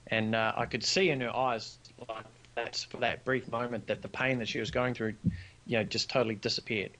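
A man's voice: mid-range voice, fairly quick, slight background noise. Earnest New man telling a story. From New Zealand. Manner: earnest, animated storyteller who acts out quoted dialogue. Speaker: podcast guest, business founder. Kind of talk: personal storytelling in conversation.

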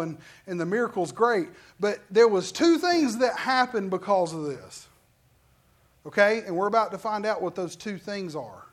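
This is a pastor giving a lively, conversational sermon from the pulpit of a church. They keep turning to the congregation with questions and call-outs, then push into emphatic stretches of preaching. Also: medium pitch.

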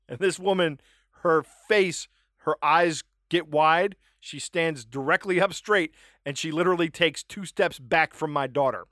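A middle-aged man hosting a comedy podcast, ranting wryly and telling animated anecdotes. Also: a little high, a little slow, dry recording, studio quality. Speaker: podcast host. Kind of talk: casual comedic podcast chat and storytelling.

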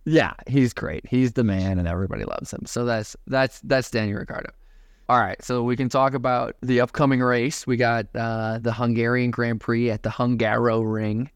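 A man hosting a motor-racing podcast in casual chat. He is animated, swears freely, and laughs often. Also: medium pitch, moderate pace, smooth, no echo, studio quality. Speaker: podcast host.

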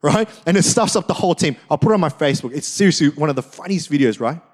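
Guy preaching, pretty high voice, gets really animated acting out little quotes. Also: quick pace. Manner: animated storytelling, acts out quotes. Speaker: pastor. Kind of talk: sermon.

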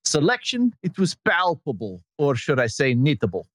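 A man's voice: on the high side, huge pitch swings, moderate pace, fairly bright tone, dry recording, studio quality, exaggerated voice. Man doing mock Estonian accent, enthusiastic puppeteer fan, comic letter reading, laughing. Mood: gushing. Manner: breaks into laughter while reading.

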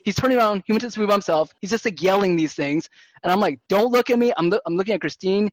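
Guy on a podcast, slightly high voice, dry close sound, gets animated telling stories. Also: racing, no room sound. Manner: animated storytelling, mimics people loudly. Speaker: podcast co-host. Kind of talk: casual chat.

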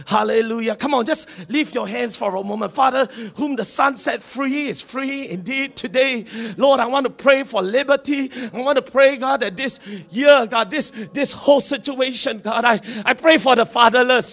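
A man leading a congregation in fervent prayer, repeating invocations and rising to shouts. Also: very high-pitched, moderate pace, creaky, hardly any pauses. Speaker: pastor. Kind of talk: sermon prayer.

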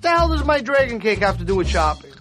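A boastful man speaks in an animated reality TV confessional. His voice is very high and swings widely in pitch. Clear music plays beneath him. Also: fast talker. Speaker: bakery owner on a reality show. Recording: TV clip with background music.

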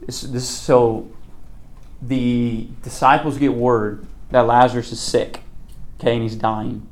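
A man leads a relaxed Bible study, reading passages aloud and then talking them through. His tone is conversational, and he often pauses to ask his listeners "okay?". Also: medium pitch. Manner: conversational, checks in with frequent "okay?"; reads scripture aloud, then explains it. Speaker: Bible teacher.

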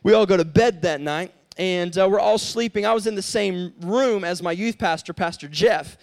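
A man's voice: high-pitched, moderate pace, vocal fry. A young man preaching as a youth pastor, telling a story and acting out the dialogue with a rising voice.

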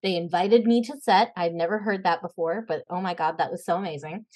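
A young woman, an actress and podcast guest, chatting casually and telling animated stories, acting out the voices she quotes and laughing often. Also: fairly low pitch, a little fast. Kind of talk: casual interview chat.

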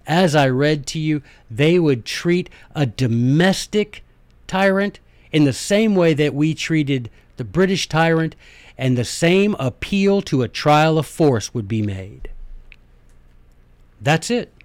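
A man hosting a podcast, talking in an animated, folksy way with quick comic asides. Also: on the high side, dry recording. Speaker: podcast host.

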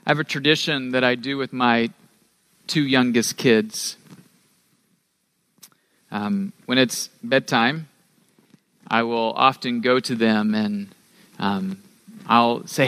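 A middle-aged man preaching a sermon as pastor, earnest, rising in pitch and force on key phrases and dropping to a soft near-whisper. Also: slow pace, pauses often, smooth, no echo.

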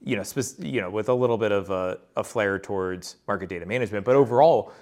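A man's voice: lowish voice, fast talker, darkish tone. A man moderating a business panel, self-mocking and full of fillers as he steers the talk. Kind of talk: panel discussion.

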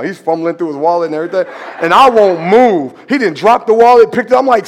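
A male pastor telling a story in a sermon, animated and conversational, sometimes dropping to a hushed emphasis. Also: high-pitched, fairly quick, big-room sound, a little hiss or hum. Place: church sanctuary.

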